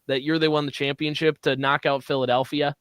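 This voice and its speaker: Playing teasing quizmaster on a morning sports radio show, this co-host deliberately drags out each clue to needle his partner during their casual banter. His fairly high voice barely moves in pitch, sounding a bit bright and clean in a dry recording.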